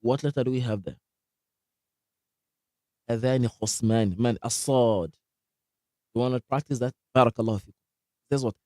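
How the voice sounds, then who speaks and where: A man teaching Quran recitation in a live online lesson, energetic, asking the class questions and repeating sounds to demonstrate them. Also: medium pitch, normal speed, long pauses, dry recording, clean studio sound.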